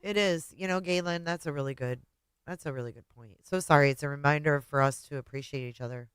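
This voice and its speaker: A woman hosting a livestream and talking casually to her viewers, tearful, halting and often trailing off quietly. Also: low voice, smooth, dry recording. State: tearful, voice breaking. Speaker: livestream host.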